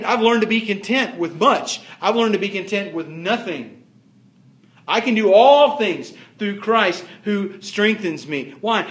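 A man's voice: on the high side, roomy sound. A man pastor preaching a sermon with emphatic, repetitive phrasing that rises and falls in force.

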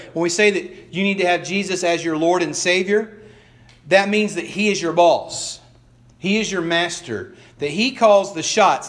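Male pastor, high voice, conversational sermon, restarts a lot. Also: a bit bright. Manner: conversational preaching with repeated restarts; acts out quoted lines in voices.

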